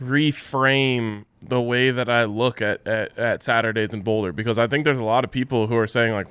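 A man co-hosting a casual sports chat, calm and agreeable. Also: mid-range voice, moderate pace, few pauses, clear, resonant tone, dry recording. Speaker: podcast co-host.

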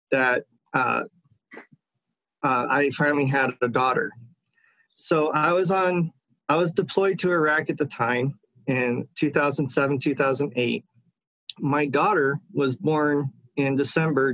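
A man on the line tells a personal story, his voice sitting fairly high for a man. He talks earnestly, stopping and restarting his sentences as he goes. The sound is dry and close, with no room around it. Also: a bit bright, no echo, poor audio. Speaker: caller. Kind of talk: personal story told to a radio host.

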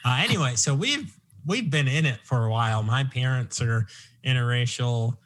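A man's voice: medium pitch, lively intonation, normal speed, a bit bright. A man hosting a casual podcast interview, speaking in a neutral, non-regional American accent. He talks loosely and digresses, then pulls himself back on track. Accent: none, neutral American. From Long Island, New York. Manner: rambling, self-deprecating, digresses. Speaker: podcast host.

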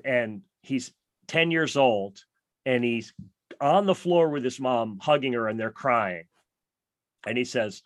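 A man hosting a podcast, telling music stories in an enthusiastic, animated way and often acting out quotes. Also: medium pitch, no echo. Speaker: podcast host. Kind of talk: casual music chat.

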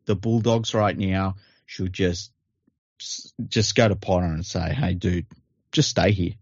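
A man with an Australian accent co-hosting a podcast, talking sport in a laid-back, halting way. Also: low-pitched, fairly even intonation, darkish tone, breathy edge, dry recording, highs cut off. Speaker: podcast co-host. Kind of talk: casual sports chat.

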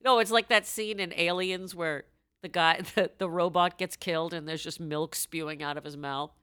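A woman co-hosting a chatty podcast, animated and laughing, who breaks into loud shouted voices. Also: fairly low pitch, normal speed, clear, resonant tone, no room sound, clean studio sound. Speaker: podcast co-host. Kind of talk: casual chat.

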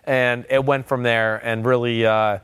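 A man's voice: medium pitch, level tone, measured pace, a bit bright, clean tone, dry recording. Brief: man in his 40s, interview guest, storyteller voice, dead dry studio sound. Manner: storytelling, acts out quotes from others. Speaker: former NFL quarterback, guest. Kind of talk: casual interview talk.

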